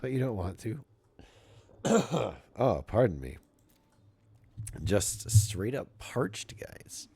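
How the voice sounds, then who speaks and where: A man's voice: fairly low pitch, very animated, extremely slow, creaky, pauses often, mellow, breathy edge, no room sound. A middle-aged man streaming a card game, chatting casually and goofily to his viewers with jokey asides. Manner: goofy, self-mocking, jokey asides to chat.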